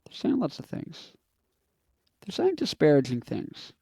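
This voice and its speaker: A man's voice: fairly high pitch, wildly swooping pitch, a little slow, creaky, warm tone, husky, dry recording. Rambling young man vlogging. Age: 20s. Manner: rambling, self-interrupting, joking asides. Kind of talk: casual commentary monologue.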